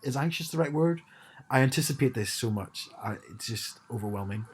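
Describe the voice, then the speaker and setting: A man's voice: medium pitch, lively intonation, brisk, husky. A man co-hosting a podcast in casual chat, rambling with frequent restarts and a wry tone. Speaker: podcast co-host.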